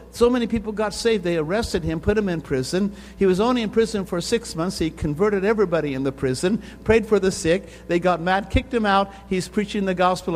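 An older man preaching a sermon at a conference, telling a story that builds to intense emphasis. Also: sits high. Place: conference hall. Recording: reverberant hall with faint hum.

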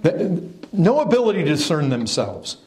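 Male pastor, emphatic sermon delivery, lively pitch, roomy church sound. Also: moderate pace, slight background noise. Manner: emphatic, animated preaching with restarts and rhetorical questions.

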